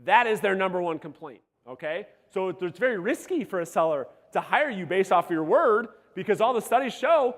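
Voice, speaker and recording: Male sales coach, high voice going hoarse, punchy and profane, working a seminar crowd in a reverberant hall. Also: normal speed, few pauses. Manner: energetic, profane, calls out to the audience. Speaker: real estate sales coach. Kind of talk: live seminar talk to a room. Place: seminar room before a live audience.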